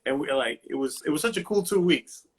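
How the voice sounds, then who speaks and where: A man's voice: a little high, expressive, fast, slightly rough. A man hosting a casual livestream chat, telling a profane story and acting out the quotes with lots of energy. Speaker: host. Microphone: livestream phone mic.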